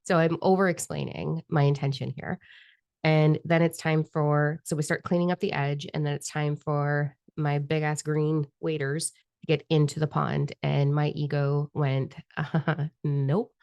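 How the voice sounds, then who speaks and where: Woman vlogger, low voice with fry, casual self-mocking storyteller. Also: level tone, normal speed, darkish tone, dry recording. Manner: chatty, self-deprecating, laughs often. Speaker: spiritual vlogger.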